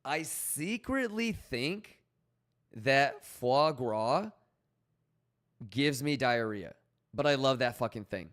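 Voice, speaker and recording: Man, casual live-stream chat, smooth clear tone, calls out viewers, laid-back drawl. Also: mid-range voice, animated, takes it slowly, long pauses. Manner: loose, rambling, shouts out chat viewers. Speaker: livestreamer.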